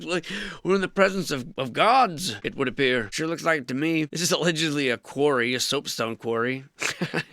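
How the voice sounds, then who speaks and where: Excitable man with a bright, gravelly voice. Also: mid-range voice, no echo, studio quality. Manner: excited, jokey, laughing; frequent "dude" and "bro". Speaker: host. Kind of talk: casual commentary.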